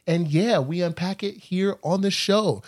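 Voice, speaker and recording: A man hosting a podcast, talking in a relaxed, casual way with lots of fillers and easy laughs. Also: sits high, a little slow. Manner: laid-back, filler-heavy, laughs easily. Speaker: podcast host.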